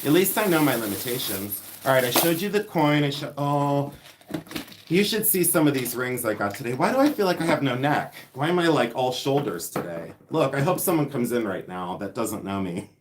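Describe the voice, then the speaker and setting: A chatty man hosting a live unboxing stream, excitable and quick to poke fun at himself. His voice sits at a middle pitch, with a faint hiss of noise underneath. He talks in a loose, unscripted way, like he's chatting with viewers. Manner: chatty, self-mocking, excitable. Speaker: live-stream antiques reseller. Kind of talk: casual live-stream chat. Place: indoors among boxes of haul. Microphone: device.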